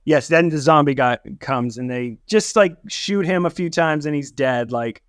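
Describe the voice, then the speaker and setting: A man with a fairly high voice co-hosts a movie podcast in loose, animated chat. He laughs often and slips into quoted lines as he recaps scenes. The sound is dry and close, with no room around it. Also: moderate pace, no room sound. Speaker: podcast co-host. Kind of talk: casual movie review chat.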